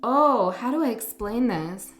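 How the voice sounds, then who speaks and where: A woman giving a casual tarot reading, talking gently and rambling, correcting herself as she goes. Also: on the high side, animated, measured pace. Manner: gentle, rambling, self-correcting, soft laughs. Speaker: tarot reader. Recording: echoey room with faint music.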